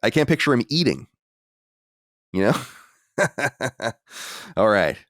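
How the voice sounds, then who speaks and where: A man hosting a podcast in casual chat, animated and reading listener letters aloud. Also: mid-range voice, slow pace, no room sound, clean studio sound. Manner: animated storyteller, reads listener mail aloud. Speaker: podcast host.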